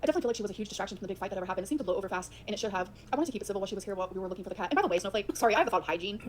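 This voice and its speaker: Rapid-fire woman venting on a livestream. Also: mid-range voice, animated, a little hiss or hum. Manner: rapid, emphatic storytelling with repeated lines.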